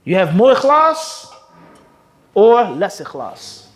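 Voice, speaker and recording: A man, a mufti, giving a religious lecture on hadith, quizzing his class with rhetorical questions and reading passages aloud in rapid Arabic. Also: sits high, very animated. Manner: call-and-response teaching with rhetorical questions the class answers.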